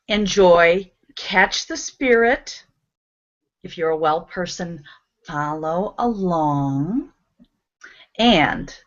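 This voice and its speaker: Bright-voiced woman host, unhurried and upbeat. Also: on the high side. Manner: upbeat, coaxing, laughs along. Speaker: host leading laughter exercises. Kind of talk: livestream talk show. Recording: dull lo-fi audio.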